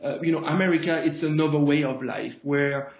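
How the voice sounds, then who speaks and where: A man's voice: fairly high pitch, fairly quick, gravelly, reverberant. Hesitant French-accented man on a phone line. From France. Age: 30s. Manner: hesitant, many fillers and restarts. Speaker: guest. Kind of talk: radio interview conversation.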